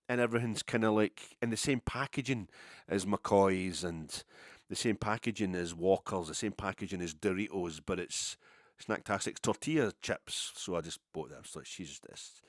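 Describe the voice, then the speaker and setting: A middle-aged Scottish man with a very low voice rambles through a story at his own expense. His casual talk is dotted with swearing. The recording is close and dry. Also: dry recording. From Scotland. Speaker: podcast host.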